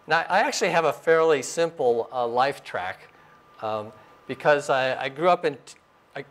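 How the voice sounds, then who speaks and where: A man in his sixties, raised in Arizona, giving a relaxed lecture about his career, full of fillers and small chuckles. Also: medium pitch, normal speed. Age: 60s. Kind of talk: informal lecture. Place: lecture room.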